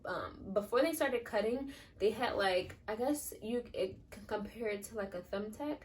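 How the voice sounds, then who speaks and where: A woman's voice: mid-range voice, normal speed, a little mellow, far from the mic. A young woman telling a personal story in a rambling, chatty way, leaning on "like" a lot. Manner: chatty, rambling, leans on filler "like". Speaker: new mother vlogger. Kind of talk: casual storytelling.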